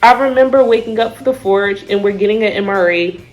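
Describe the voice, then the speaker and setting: A young woman telling, in a casual vlog, about her time in Army basic training, with frequent fillers and lively drill-call shouts. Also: medium pitch, quick pace, lo-fi sound. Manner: animated storyteller, shouts out drill calls; says "like" and "I remember" often.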